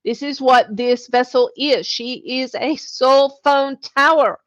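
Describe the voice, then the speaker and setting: A woman giving a channeled spiritual teaching. She speaks as a collective "we", calls the listener "dear", repeats phrases, and often murmurs a soft "mm-hmm". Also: high-pitched, takes it slowly.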